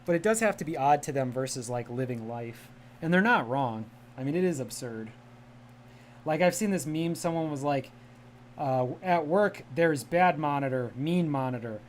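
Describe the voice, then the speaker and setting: A man's voice: fairly high pitch, expressive, normal speed, a little hiss or hum. A man from the Midwest chatting casually on a livestream, enunciating carefully in a polished media-style voice. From American Midwest. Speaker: livestream host. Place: home room with a cat.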